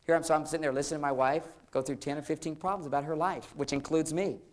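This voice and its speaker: A man's voice: a little high, steady tone, quick pace. A man, a psychologist, giving a humorous seminar talk on relationships in short, punchy phrases. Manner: playful, acts out bits of dialogue in short phrases.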